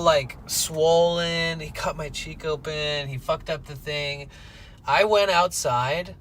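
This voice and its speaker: Man in his thirties, a bit higher-pitched, animated outdoor storyteller who swears freely, faint background noise, casual vlog. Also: rough recording. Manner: animated, swears freely, quotes people in rapid bursts. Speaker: vlogger telling a story. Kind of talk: casual storytelling while hiking. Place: outdoors on a coastal trail.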